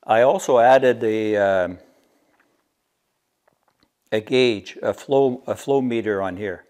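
A man's voice: lowish voice, takes it slowly, darkish tone, clean tone. A man casually showing and explaining his homemade workshop gadget, walking through the technical details step by step. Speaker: DIY maker. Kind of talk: casual workshop show-and-tell.

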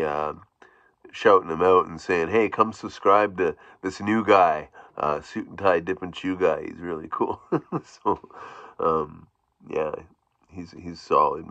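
A man with a very low voice talks through a casual vlog, wandering from thought to thought with restarts and little chuckles. His tone is bright and pushed forward. The recording is dry and somewhat muffled. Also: gravelly, no echo. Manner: rambling, halting, with frequent restarts and chuckles. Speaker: YouTube vlogger. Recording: dull, dry, lo-fi sound.

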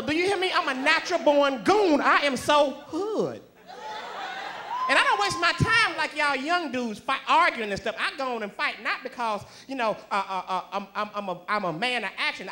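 High-voiced brash male stand-up comic. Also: slight background noise. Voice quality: unusually high, thin voice. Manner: brash, loud, profane banter with the crowd. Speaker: stand-up comedian. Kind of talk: live stand-up comedy. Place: comedy club stage before a live audience.

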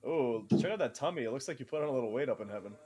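A man co-hosting a gaming stream, talking in animated, casual commentary, swearing and laughing often. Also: mid-range voice, rapid-fire, a crowd in the background.

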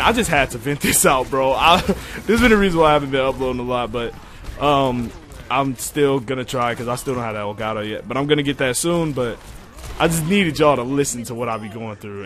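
A young man venting to his viewers in a profane, exasperated rant, going quiet when he calms down. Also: brisk. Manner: profane, exasperated, jumping pitch when heated. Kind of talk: casual rant to camera.

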